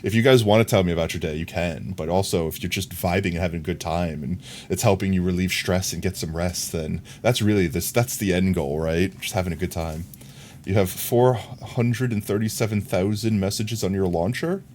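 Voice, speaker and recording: Male streamer, very low voice, laid-back rambling game chat, faint hiss underneath. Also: fairly quick. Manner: relaxed, rambling, thinks aloud. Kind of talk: casual gameplay chat.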